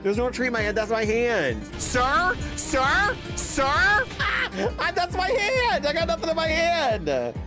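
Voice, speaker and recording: A man's voice: very high-pitched, huge pitch swings, slow pace, few pauses, music in the background, voice pushed up, heavily acted. A man voicing his pet cat as a fussy, indignant little creature who keeps repeating himself.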